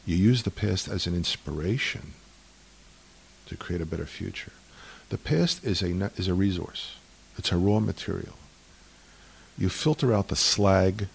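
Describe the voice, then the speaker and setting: A man talking in a lively, argumentative way about tradition, acting out the voices in the stories he tells. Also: low voice, gravelly, slight background noise. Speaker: speaker on Jewish tradition. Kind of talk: animated conversational storytelling.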